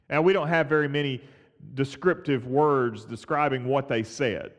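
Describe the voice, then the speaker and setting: A man preaching a sermon as a pastor, earnest and halting, often restarting his phrases. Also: medium pitch, in a large hall.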